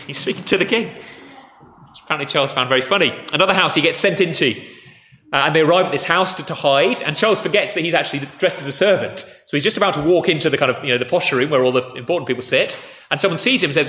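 A man's voice: fairly high pitch, expressive, brisk, pushed and bright. A man preaching a conversational sermon, telling stories and speaking directly to the congregation and the children. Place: church. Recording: echoey church hall with long reverb.

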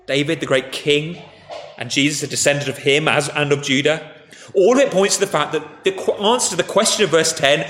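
A man's voice: a little high, unhurried, long pauses, fairly bright tone. A man preaching a conversational sermon, telling stories and speaking directly to the congregation and the children. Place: church. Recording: echoey church hall with long reverb.

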